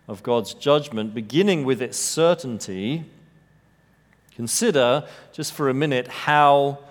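A man preaching an expository sermon, measured and emphatic, rising to bold peaks and dropping to hushed lows. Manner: measured, emphatic delivery with dramatic rises and hushed drops. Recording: long reverb of a large hall.

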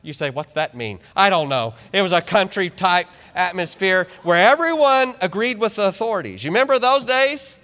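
A man in his thirties preaching a sermon in a church, animated and joking with the congregation. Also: sits high, normal speed, few pauses. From small ranching town. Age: 30s. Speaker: pastor. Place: church sanctuary. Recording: long reverb of a church hall.

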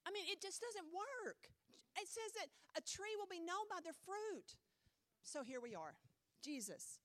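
A woman preaching a sermon, blunt and animated, mocking excuses in quick mimicry. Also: very high-pitched, no echo.

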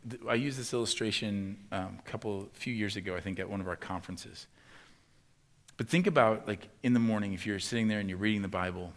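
Bright-voiced animated male preacher. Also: fairly low pitch. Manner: animated, acts out inner questions in a raised voice, then quiet and earnest. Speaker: pastor. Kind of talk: sermon.

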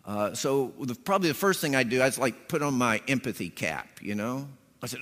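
Animated male pastor in an echoing hall. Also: mid-range voice, a little fast, hardly any pauses. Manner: animated storytelling, acting out voices with punchy emphasis. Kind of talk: sermon. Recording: long hall reverb.

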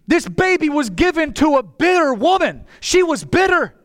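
A man preaching a sermon with passion, often rising to a shout. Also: very high voice, sing-song, moderate pace, no room sound. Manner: impassioned, bursts into shouting.

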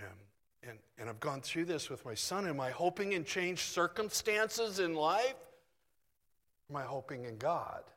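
A middle-aged man preaching in an easygoing, animated way, poking fun at himself as he goes. His voice is bright and forceful, a little high for a man. It rings out with a long reverb, as in a large hall. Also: measured pace, long pauses. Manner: conversational, animated, self-deprecating. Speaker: pastor. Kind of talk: sermon.

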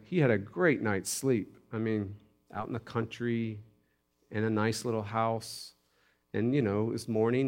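A man preaching a sermon, building to loud emphasis with repeated phrases and dropping to hushed near-whispers. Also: mid-range voice. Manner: preaches with rising intensity and repetition. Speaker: pastor.

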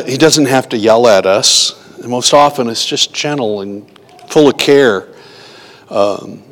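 A pastor giving an informal, conversational teaching to a small group, often asking his listeners rhetorical questions. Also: mid-range voice. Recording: long hall reverb.

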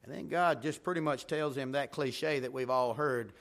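A man's voice: medium pitch, normal speed, fairly bright tone. A man preaching a revival sermon as pastor in a church sanctuary, emphatic, swelling and dropping in intensity.

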